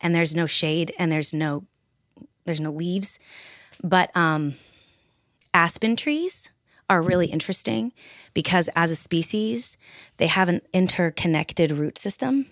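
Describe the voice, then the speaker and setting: A woman's voice: fairly low pitch, measured pace, long pauses, a bit bright, no echo, clean studio sound. A young adult woman co-hosting a podcast, talking in a reflective, candid way that rambles with restarts. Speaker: podcast co-host. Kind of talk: casual group podcast chat.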